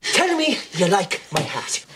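A man's voice: high-pitched, huge pitch swings, a little slow, noisy background, heavily acted. An actor playing a brash young man in a film clip, speaking with a put-on Irish accent and pleading insistently. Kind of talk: film dialogue.

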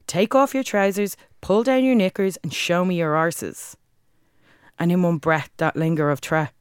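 A woman's voice: on the low side, smooth, dry recording, studio quality. Dublin woman performing spoken word. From Ireland. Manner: rhythmic, forceful delivery with crude language. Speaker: guest, spoken word artist.

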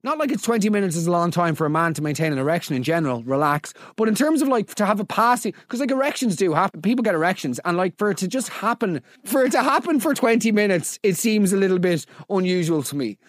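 A man hosting a comedy podcast, reading out listener stories with incredulous, animated energy. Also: high-pitched, quick pace, hardly any pauses, no echo, studio quality. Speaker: podcast host.

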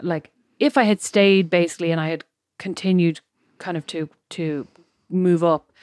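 A woman's voice: lowish voice, steady tone, moderate pace, darkish tone, no echo, clean studio sound. An Irish woman co-hosting a podcast, chatting casually and rambling through personal anecdotes. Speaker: podcast co-host. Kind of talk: casual chat.

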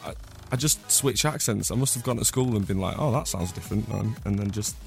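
Fast-talking hoarse young man, a singer. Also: lowish voice, faint music behind. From Scotland. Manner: chatty, rambling, laughs often. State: hoarse from flu. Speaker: singer guest. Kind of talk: casual radio interview chat. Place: radio studio.

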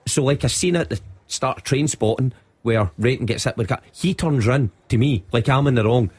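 A man's voice: medium pitch, a little fast, breathy edge. A middle-aged Scottish man on a radio show, telling a funny story and laughing through it. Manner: animated storyteller, laughs through his lines. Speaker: radio presenter. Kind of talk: radio chat, telling an anecdote.

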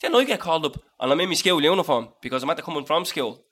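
Bright-voiced Dublin man telling a story. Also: fairly high pitch, racing. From Dublin, Ireland. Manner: animated, swearing, acts out voices in anecdotes. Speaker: podcast co-host telling a story. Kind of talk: casual storytelling chat.

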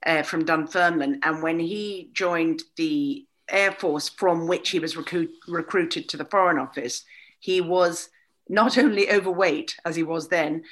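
A woman talking as an interview guest, animated and candid, with a wry, storytelling manner. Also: on the low side, measured pace. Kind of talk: casual conversation.

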